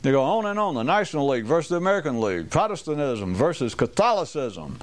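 Man giving a rambling, animated talk. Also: mid-range voice, fast, hardly any pauses. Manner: rambling and wry, with quoted asides and chuckles; digressive, restarting sentences. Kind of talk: informal talk to a small group.

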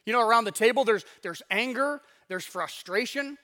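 A male pastor with a high, bright voice preaches in a casual, chatty style from a church sanctuary. He speaks conversationally and slips into acted-out voices as he talks. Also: expressive, moderate pace. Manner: conversational, acts out voices in asides. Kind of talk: casual sermon.

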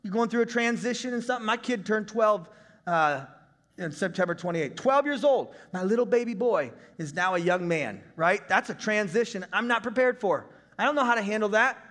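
High, bright-voiced preacher man. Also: lively intonation, normal speed, big-room sound. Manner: conversational preaching with bursts of shouting. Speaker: pastor. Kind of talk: sermon.

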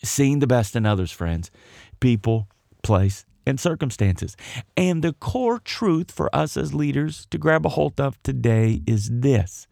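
A man's voice: medium pitch, very animated, unhurried, gravelly, warm tone, no room sound, studio quality. A male pastor preaching a sermon, building rhythmic lists of repeated phrases and chuckling now and then.

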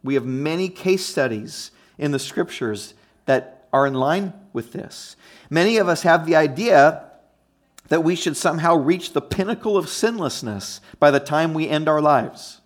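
A man's voice: on the high side, expressive, measured pace. A man preaching a conversational teaching sermon, emphatic and often checking in with his listeners. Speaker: pastor.

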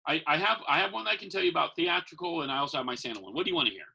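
Rapid-fire and animated, a man with a fairly high, gravelly, pushed and bright voice with a breathy edge tells casual, rambling stories. A professional Santa and magician, he acts out the people he quotes, though the audio is poor.

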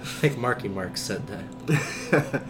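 A man in casual chat as a podcast co-host, joking around with quick interjections and laughs. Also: mid-range voice, expressive, over music. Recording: noisy room.

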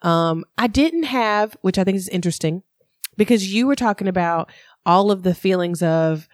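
A woman's voice: mid-range voice, moderate pace, no room sound, studio quality. Chatty woman telling a candid story. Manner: candid, animated storytelling with laughs. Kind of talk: casual chat.

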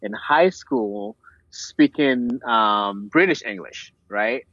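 A young Ghanaian man with a Ghanaian accent and a mid-range, gravelly voice speaks slowly as a guest in a casual interview. He tells his story animatedly with many fillers, and the recording sounds dry, dull, and lo-fi.

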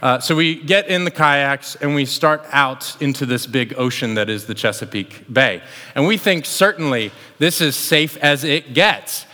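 A man's voice: medium pitch, measured pace. A young man preaching a sermon, telling a personal story in a casual, conversational way before turning to the lesson. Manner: conversational storyteller, animated retelling. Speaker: pastor. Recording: long hall reverb.

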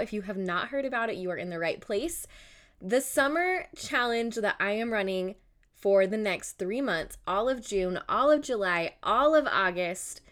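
Brief: woman in her thirties, host, warm and upbeat, casual motivational chat, filler-heavy and friendly. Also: medium pitch. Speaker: podcast host and challenge organizer.

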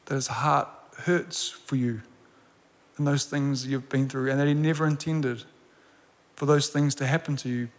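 A man's voice: medium pitch, steady tone, unhurried. A man in his forties preaching a sermon with a personal story, earnest and building to emphatic repeated lines. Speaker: pastor. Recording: long reverb of a large hall.

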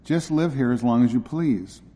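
A preacher voicing a calm, generous male master who speaks quietly and gently. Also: mid-range voice, moderate pace, long reverb tail, lightly acted. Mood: gentle.

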